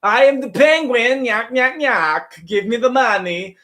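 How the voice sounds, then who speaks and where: A man's voice: very high voice, pushed and bright, voice pushed up, exaggerated voice. A man putting on a comic Russian-accented Penguin, a hammy male villain, while chatting on a livestream. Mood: mock menacing. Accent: mock Russian. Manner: hammy, drawn-out menace.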